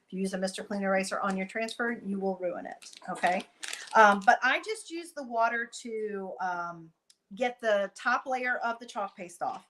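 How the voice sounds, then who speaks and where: A woman giving a chatty live-stream craft tutorial, talking viewers through each step while she works and breaking off for quick asides. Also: mid-range voice, lively intonation, a bit bright, low-quality recording. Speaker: craft demonstrator.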